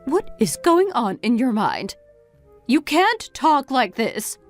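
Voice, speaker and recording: A woman's voice: sits high, very animated, slow, soft background music, heavily acted. A woman voicing an exasperated, scolding mother. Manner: reproachful, fires off questions. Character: exasperated middle-aged mother scolding her drunk grown son. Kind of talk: texting-story voice-over.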